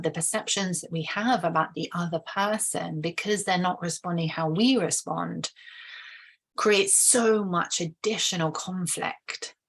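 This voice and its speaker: A woman's voice: on the low side, fairly bright tone. A woman explaining relationship conflict in a casual, thoughtful way, often restarting and briefly acting out what people say. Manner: thoughtful, acts out quoted voices, many restarts. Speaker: relationship educator.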